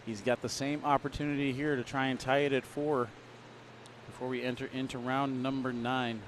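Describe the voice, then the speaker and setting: Male play-by-play commentator, mid-pitched, joking patter, faint outdoor noise. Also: flat delivery, normal speed. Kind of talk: live sports commentary.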